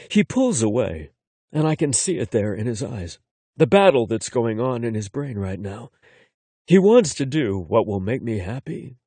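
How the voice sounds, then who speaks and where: A man narrating a first-person romance audiobook in an expressive, conversational way. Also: on the low side, breathy edge, dry recording.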